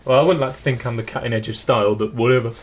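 A man's voice: mid-range voice, steady tone, racing. Young man, podcast co-host, dry humour, hesitant with lots of ums. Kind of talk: casual chat, storytelling.

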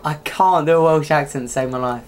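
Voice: medium pitch, fairly quick, darkish tone. A young co-host, joking through a casual, giggly chat.

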